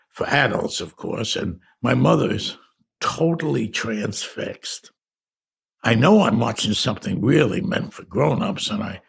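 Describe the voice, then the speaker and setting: An older New man reads his memoir aloud in a deeply gravelly, husky voice. He drifts back through memories with halting restarts and casual asides. His pitch rises and falls a lot. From New York. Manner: reflective, halting, with conversational asides. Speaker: memoir narrator. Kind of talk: audiobook memoir narration.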